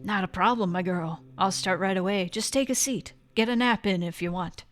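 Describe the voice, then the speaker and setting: A woman voicing a friendly, gruff male fairy dwarf craftsman with a put-on accent, talking slow and low. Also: lightly acted. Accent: put-on accent, British-sounding.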